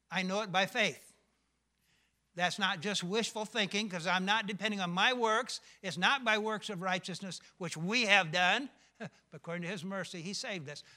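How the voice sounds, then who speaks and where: A man's voice: high-pitched, sharp tone. An older male pastor preaching a sermon, emphatic, often asking the congregation questions.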